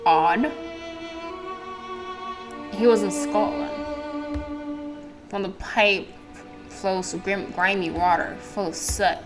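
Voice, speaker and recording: A woman's voice: mid-range voice, expressive, takes it slowly, pauses often, rough recording. A woman hosting a let's play, reading game text aloud and commenting in a casual, wry, self-deprecating way. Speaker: gaming channel host. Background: game music.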